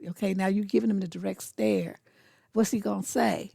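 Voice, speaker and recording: A woman's voice: medium pitch, vocal fry, warm tone, husky, no room sound, clean studio sound. Blunt, sassy middle-aged woman coach. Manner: blunt, sassy, acts out quick dialogues. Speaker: relationship coach. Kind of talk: casual advice monologue.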